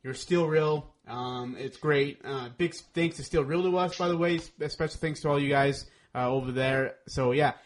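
A man's voice: on the high side, moderate pace, hardly any pauses. A man co-hosting a podcast in casual chat, upbeat and grateful. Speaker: podcast co-host.

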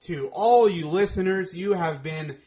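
An upbeat male podcast co-host with a slightly high voice. He talks in a loose, casual way, warmly thanking people. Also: unhurried. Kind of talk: casual chat.

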